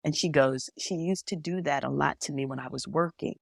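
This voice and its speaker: A woman's voice: deep voice, a little fast, vocal fry, husky, no room sound, studio quality. A woman talking as a medium and podcast guest, telling stories and acting out the dialogue in them. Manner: animated storyteller who acts out quoted dialogue. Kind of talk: storytelling conversation.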